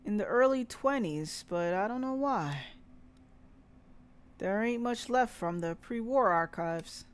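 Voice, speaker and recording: Calm small-town sheriff from a game, voiced by a woman, slow drawl, easy pace. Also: medium pitch, clean tone.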